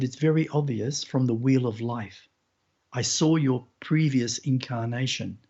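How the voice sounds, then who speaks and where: Man, husky voice, earnest storytelling, medium pitch, dull lo-fi recording. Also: darkish tone. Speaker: podcast host. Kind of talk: first-person storytelling.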